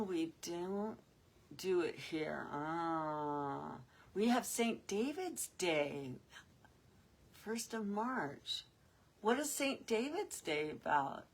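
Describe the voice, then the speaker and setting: Brief: older woman host, low voice, unhurried rambling craft-table chat, faint hiss behind. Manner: chatty, rambling, with soft laughs.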